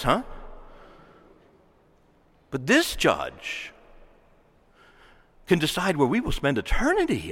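A man preaching a sermon with emphatic, swooping intonation, lifting into passionate exhortation. His slightly high voice rings out with the long reverb of a church hall. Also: fairly bright tone. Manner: emphatic, building to impassioned exhortation.

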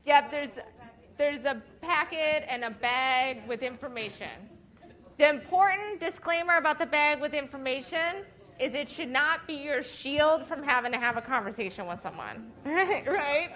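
A woman's voice: high-pitched, expressive, normal speed, bright, forceful tone. A woman, chatting casually and animatedly to a church group, with fillers and laughs.

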